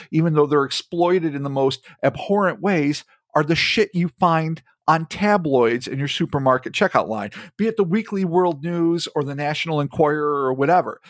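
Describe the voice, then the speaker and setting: A man's voice: on the high side, no room sound, studio quality. Profane, rambling male podcast co-host. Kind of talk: casual chat.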